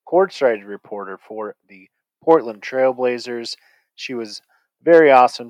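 A man hosting a podcast in casual chat, animated and rambling, often laughing. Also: fairly low pitch, no room sound. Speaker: podcast host.

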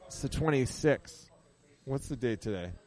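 A man's voice: mid-range voice, animated, moderate pace, a little mellow. A man hosting a live radio show, talking casually, rambling and correcting himself, laughing at his own jokes. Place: radio studio. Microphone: studio microphone.

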